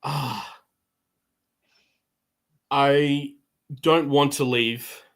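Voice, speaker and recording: A man voicing Kane, a weary male adventurer with a spear, speaking slowly and reluctantly in a tabletop game. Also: mid-range voice, fairly even intonation.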